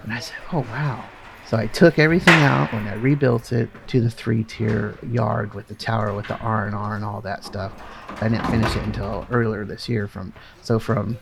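A man's voice: medium pitch, gravelly, a little hiss or hum. A middle-aged man telling his own story in a casual, earnest way, laughing now and then. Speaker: guest artist.

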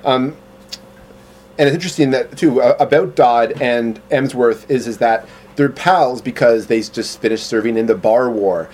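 A man's voice: medium pitch, moderate pace, a little mellow, rough recording. A man co-hosting a podcast, chatting casually in a rambling, stumbling way. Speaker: podcast co-host. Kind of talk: casual chat.

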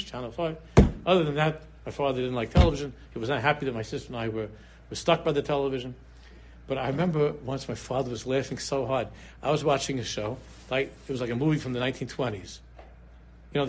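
Animated husky rabbi yeshiva English. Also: male voice. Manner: animated storyteller, swings between low murmurs and sudden high exclaims. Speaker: rabbi giving a Torah class. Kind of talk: Purim shiur sermon.

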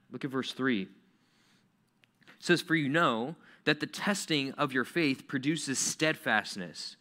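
Pastor, male, relaxed conversational preaching with a bright, pointed tone. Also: mid-range voice, slow pace. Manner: casual, conversational preaching with rhetorical questions. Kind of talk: sermon.

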